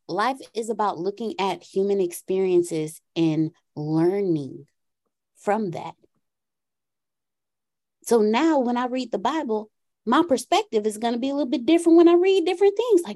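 High, mellow-voiced woman telling a story. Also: moderate pace. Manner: animated, acts out her son's and her own lines. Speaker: podcast participant sharing a story. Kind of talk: casual storytelling in a group call.

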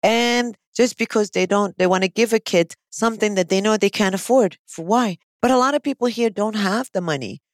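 A woman's voice: mid-range voice, fairly quick, hardly any pauses, dry recording. A woman psychologist hosting a podcast, talking frankly and emphatically in casual chat. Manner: frank, emphatic, many affirming interjections.

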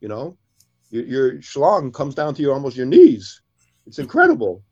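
A man telling jokes casually on a show he co-hosts. He tells them in an animated way, raising his voice for each character's lines. The sound is dull and lo-fi. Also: moderate pace. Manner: animated storyteller, jumps higher for characters' lines.

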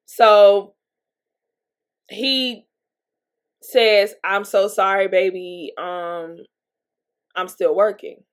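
A young adult woman hosting a podcast, telling a personal story in a chatty, animated way with frequent laughs and fillers. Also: medium pitch, extremely slow, pauses often, clear, resonant tone. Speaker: podcast host. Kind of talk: casual storytelling monologue.

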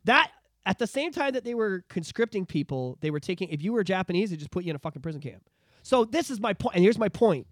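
A man from Canada co-hosting a podcast, ranting profanely about politics, swinging from loud outbursts to low mutters. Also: big pitch swings, fast, no echo, studio quality. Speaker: podcast co-host. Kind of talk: casual political rant.

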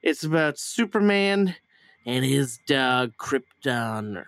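A man's voice: mid-range voice, expressive, slow, creaky, a bit bright, no echo, clean studio sound. A man hosting a casual chat, retelling a movie in a rambling, profane way and acting out lines in silly voices. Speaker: podcast host reviewing a movie.

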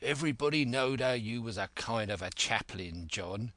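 A man voicing a rough pirate coxswain who grumbles in a growling rough dialect. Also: mid-range voice, lively intonation, moderate pace, a bit bright, no echo, pitched above the performer's own voice, natural voice. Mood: grumbling.

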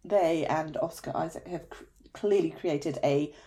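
A woman's voice: low voice, measured pace, dark tone. A woman, chatting casually and animatedly as a podcast host. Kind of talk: casual chat.

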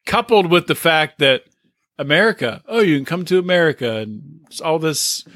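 A man's voice: fairly high pitch, sing-song, normal speed, a bit bright, dry recording, clean studio sound. A man co-hosting a podcast in casual chat, asking questions, sarcastic and full of "like". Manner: questioning, sarcastic, filler-heavy. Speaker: podcast co-host.

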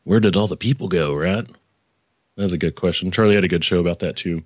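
A man hosts his own podcast in a loose, rambling commentary style, often stopping to correct himself and tossing in profane asides. His voice sits very low. The recording is dry and slightly muffled, like a small home setup. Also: fast, husky, no echo. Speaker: podcast host. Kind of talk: casual political commentary.

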